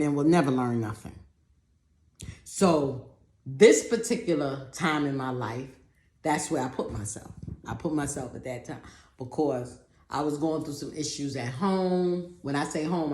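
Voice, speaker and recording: A woman telling a personal story in a talk, animated, acting out other people's voices and often repeating words. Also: low voice, reverberant. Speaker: speaker giving a talk.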